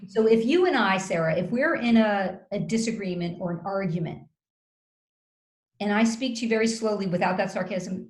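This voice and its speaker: A woman giving communication advice as an interview guest, explaining step by step in a measured way with deliberate pauses, over a video call. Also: mid-range voice. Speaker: communication skills guest expert. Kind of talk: coaching advice in conversation. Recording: roomy echo.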